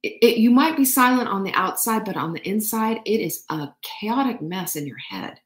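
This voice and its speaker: A woman's voice: medium pitch, very animated, normal speed, echoey room. A woman hosting a motivational live show who laughs often and asks her audience question after question. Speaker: host.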